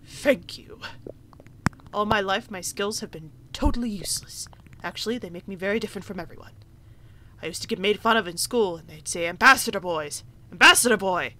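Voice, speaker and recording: A woman voicing a small, timid male bug ambassador who speaks softly and kindly, almost whispering at times, while reading game dialogue aloud. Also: mid-range voice, quick pace, slight background noise, close to an everyday voice. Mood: confiding.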